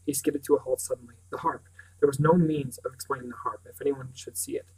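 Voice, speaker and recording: Husky-voiced man reading a novel aloud. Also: mid-range voice, steady tone, fast talker, a little mellow, low-quality recording. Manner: stumbles and restarts words. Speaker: narrator. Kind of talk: audiobook reading.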